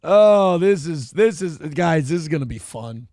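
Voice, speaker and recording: Brash, gravelly male livestream host. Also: a little high, expressive, a little slow, dry recording, clean studio sound. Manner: loud, brash and mocking, with sudden yelled outbursts. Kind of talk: crude casual livestream commentary.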